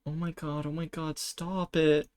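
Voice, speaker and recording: A man with a fairly high voice, streaming a game and reacting out loud. He talks in frantic, panicky bursts, full of swearing and stacked exclamations. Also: level tone, measured pace, smooth. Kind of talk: live gameplay reactions.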